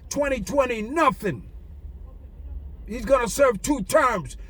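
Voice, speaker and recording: A man preaching an angry, taunting rant in a fiery preacher's cadence, often shouting. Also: very high-pitched, dry recording. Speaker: online preacher.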